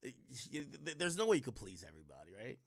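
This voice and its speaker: A man's voice: medium pitch, huge pitch swings, fast talker, slightly rough, dry recording, studio quality. A man streaming casual reaction commentary, rambling and slangy with frequent restarts.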